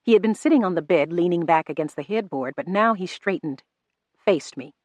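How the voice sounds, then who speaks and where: A woman reading a novel aloud in first person, measured and restrained. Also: fairly low pitch, expressive, dry recording. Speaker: audiobook narrator. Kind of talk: first-person audiobook narration.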